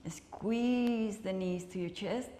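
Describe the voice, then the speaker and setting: A woman instructor calmly cueing a guided movement and breathing practice, counting reps and offering soft encouragement. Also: mid-range voice, slow, slight background noise. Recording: echoey room with long reverb.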